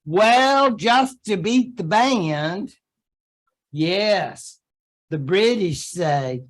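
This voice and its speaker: A man lecturing on history to his class, speaking slowly and taking his time. His voice sits a little high, and he keeps things chatty, dropping in jokey asides and quick made-up quotes. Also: lively intonation, fairly bright tone.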